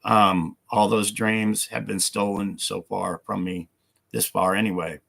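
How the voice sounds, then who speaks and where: Gravelly-voiced man chatting on a livestream. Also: lowish voice, fairly even intonation, unhurried, fairly bright tone. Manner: rambling, repetitive, filler-heavy. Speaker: livestream host. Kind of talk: casual livestream chat.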